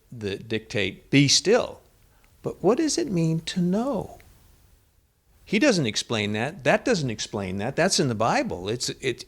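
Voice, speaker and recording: A man leading a casual spiritual discussion group, his voice rising and falling a lot as he tells stories. He sits at a middling pitch and acts out the people in his anecdotes. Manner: animated storyteller, acts out quotes. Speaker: discussion leader.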